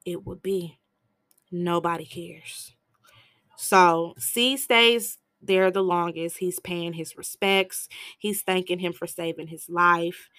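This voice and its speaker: A woman hosting a podcast, giving a casual, chatty recap of a film with animated asides. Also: fairly low pitch, clean tone, dry recording. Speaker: podcast host reviewing a film.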